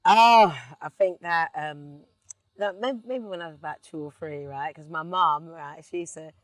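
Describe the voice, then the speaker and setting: A middle-aged woman with a London accent, chatting as an interview guest inside a car, telling lively stories and breaking into snatches of song. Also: low-pitched, normal speed, no echo. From England. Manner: animated storyteller, sings snippets. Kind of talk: relaxed casual chat.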